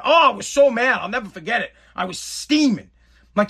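A man telling a personal story in a blunt, profane, animated way. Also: high voice, brisk, husky.

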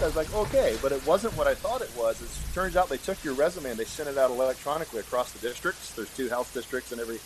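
A middle-aged man telling a story in a casual interview, animated and acting out the voices of people he quotes. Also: medium pitch, fast, few pauses, noisy background. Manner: animated, acts out quoted voices, chuckles often. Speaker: guest, state senator.

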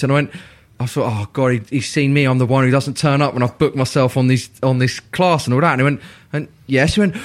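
An English man, a regular pundit on a football podcast, chatting casually and telling animated stories. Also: medium pitch. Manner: animated storyteller, quick and chatty. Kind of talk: casual chat.

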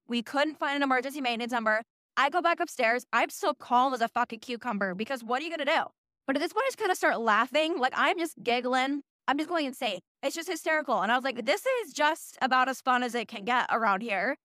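A woman in her early twenties, hosting a podcast, tells a story in a casual, animated, profane and self-mocking way. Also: high-pitched, dry recording, studio quality. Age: early 20s. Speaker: podcast host.

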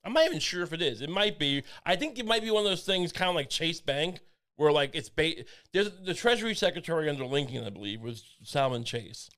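A man's voice: fairly high pitch, animated, brisk, fairly bright tone. A man co-hosting a podcast in casual chat, rambling and joking with crude asides and frequent restarts. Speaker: podcast co-host.

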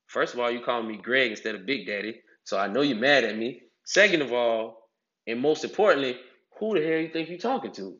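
A man's voice: mid-range voice, animated, normal speed, a bit bright. A man, giving casual advice and acting out other people's voices with big swings. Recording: echoey, slightly dull sound.

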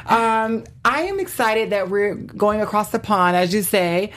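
A woman on a panel show, sassy and giggly, trading quick jokes in casual chat. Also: medium pitch. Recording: loud crowd noise behind.

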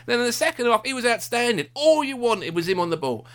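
A man co-hosting a football podcast, talking in an animated, indignant and self-mocking way in casual chat. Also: sits high, fast, hardly any pauses.

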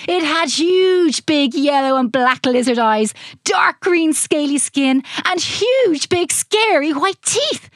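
A woman reading a children's storybook aloud in an expressive, animated way. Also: high-pitched, takes it slowly, hardly any pauses, no room sound, clean studio sound.

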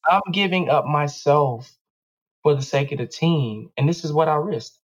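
A man talking casually and reflectively about his own experiences in an animated, laughing manner. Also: fairly high pitch, moderate pace, dull audio. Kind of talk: casual chat.

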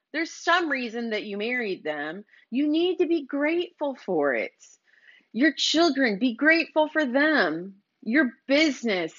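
A woman's voice: fairly high pitch, a bit bright. Earnest woman podcast host. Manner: earnest, exhorting, direct address to listeners. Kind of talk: motivational monologue. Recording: dull lo-fi recording.

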